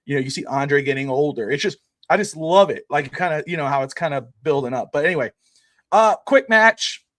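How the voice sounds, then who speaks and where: A man's voice: fairly high pitch, animated, brisk, fairly bright tone, no echo, studio quality. A man co-hosting a podcast in casual sports chat, rambling with lots of filler words. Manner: rambling, many "you know" fillers. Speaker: podcast co-host.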